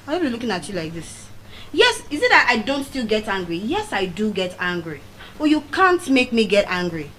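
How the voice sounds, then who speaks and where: A middle-aged woman with a Nigerian accent giving a motivational speech at a public event, telling personal stories with dramatic swings of pitch and loudness. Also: moderate pace, a little hiss or hum, low-quality recording. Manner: animated storytelling with dramatic swings in pitch and volume. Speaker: public speaker. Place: venue of a public speaking event.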